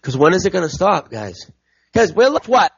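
A man's voice: sits high, big pitch swings, moderate pace, gravelly, breathy edge, dry recording, muffled recording. A man ranting angrily to his viewers about politics, swearing and repeating himself. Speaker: political commentator.

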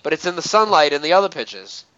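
A man with a bright, clear, somewhat high voice chatting casually on a call-in radio show. He laughs easily and fills his talk with hesitations. The sound is dry and a little dull. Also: big pitch swings, fast talker, no echo. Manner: laughs while talking, many fillers and restarts.

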